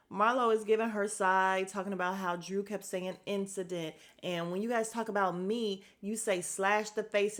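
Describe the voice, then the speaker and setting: A woman's voice: medium pitch, a bit bright. A woman hosting a casual podcast recap, telling the story with lots of animation, acting out quotes and laughing often. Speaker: podcast host. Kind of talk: casual reality-show recap.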